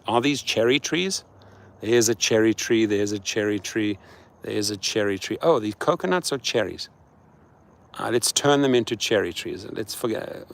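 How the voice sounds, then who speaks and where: A man vlogging as a rideshare driver, rambling to his viewers in a sing-song, chanting way that swings between hushed murmurs and excited whoops. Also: medium pitch.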